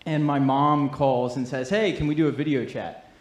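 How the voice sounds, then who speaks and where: A man, a trivia contestant, telling a casual story with a relaxed manner and filler words. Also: medium pitch, moderate pace. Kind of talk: casual anecdote. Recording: echoey hall.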